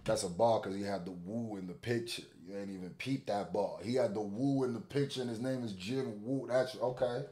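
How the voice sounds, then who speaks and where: A man's voice: fairly low pitch, steady tone, fairly quick, hardly any pauses, music in the background. Slangy man reacting in a roomy echo. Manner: slangy, joking, repeats lines for effect. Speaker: reaction video host. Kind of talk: casual reaction commentary.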